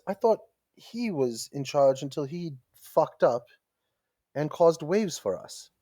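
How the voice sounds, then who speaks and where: A man's voice: on the high side, lively intonation, slow, dark tone, dry recording, studio quality. A man playing a tabletop game and speaking in character, brash and swearing. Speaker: player.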